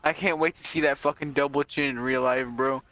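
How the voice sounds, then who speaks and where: A man's voice: medium pitch, fairly even intonation, brisk, a bit bright. A man ribbing his friends in casual banter, crude and teasing, saying "bro" a lot. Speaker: podcast co-host.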